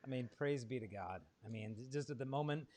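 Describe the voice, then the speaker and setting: A man hosting a podcast, replying to his guest in an enthusiastic, animated way. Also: medium pitch, a little fast. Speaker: podcast host. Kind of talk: conversational interview.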